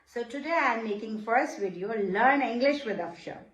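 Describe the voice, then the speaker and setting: A woman's voice: a little high, animated, normal speed, reverberant, rough recording. A middle-aged woman from Pakistan with a Pakistani accent and Urdu as her first language, teaching in a patient classroom manner, repeating phrases and checking in with "Okay?". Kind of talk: slow, patient classroom explanation.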